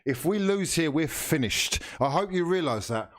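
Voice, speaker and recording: A man's voice: fairly high pitch, lively intonation, moderate pace, few pauses, fairly bright tone. A man hosting a football watchalong, switching between mock play-by-play commentary and sweary, pleading outbursts at the match.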